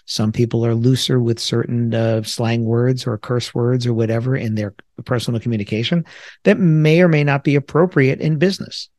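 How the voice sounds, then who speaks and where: A man's voice: medium pitch, normal speed, darkish tone, no room sound, studio quality. A middle-aged man from the New York area hosting a solo podcast, talking things through in a reflective, conversational way with self-deprecating asides. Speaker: podcast host.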